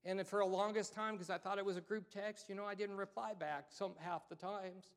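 A middle-aged man preaches a sermon in a relaxed, conversational style. His voice sits fairly high for a man. He restarts phrases, repeats himself and calls out to the congregation as he goes. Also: brisk, gravelly. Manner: conversational preaching with repetitions and call-outs. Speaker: pastor.

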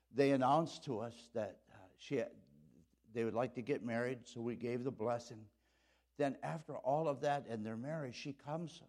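A middle-aged pastor preaches a sermon in church, telling a story. He swings between loud exclamations and low, earnest tones.

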